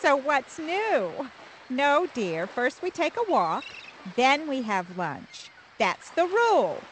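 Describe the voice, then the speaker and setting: A woman's voice: sits high, big pitch swings, slow pace, heavily acted, poor audio. A young woman with an American accent acting a firm, lecturing newlywed wife in a scripted learner dialogue. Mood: bossy. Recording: background noise.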